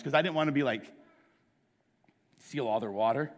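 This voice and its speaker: Middle-aged preacher guy telling a story, kinda high voice, acts out all the lines, big echoey hall. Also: fast talker. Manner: animated storyteller, acts out the dialogue. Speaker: pastor. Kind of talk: sermon storytelling. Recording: long hall reverb.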